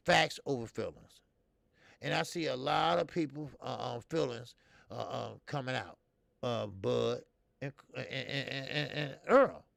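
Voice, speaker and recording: Gravelly profane boxing-show man, very dry sound. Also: no echo. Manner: profane, rambling, many fillers and restarts; swings between loud emphatic outbursts and low mutters. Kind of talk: casual opinionated commentary.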